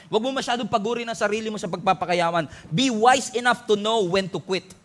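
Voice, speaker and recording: A Filipino-accented man delivers a sermon from the pulpit. His voice sits very high for a man, and he presses his points with emphatic rises, calling out to the congregation as he preaches. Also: fast, fairly bright tone. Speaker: pastor.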